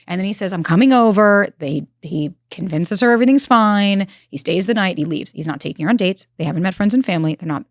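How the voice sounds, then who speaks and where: A woman relationship expert talks fast and emphatically in a podcast interview, acting out her clients' words. Her voice sits low, and the sound is close and dry. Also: no echo. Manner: emphatic, acts out quotes from clients. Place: recorded in Los Angeles.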